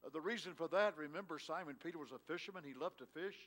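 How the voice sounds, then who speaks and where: A man's voice: fairly high pitch, fast, a bit bright. A male pastor preaching a sermon in a church, telling a Bible story in a folksy way and rising with emphasis. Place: church sanctuary.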